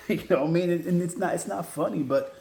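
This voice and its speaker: A man offers his viewers casual career advice in a high, brisk voice that's creaky and a little mellow. He's emphatic, repeats his key points, and frequently restarts sentences, with a roomy echo in the recording.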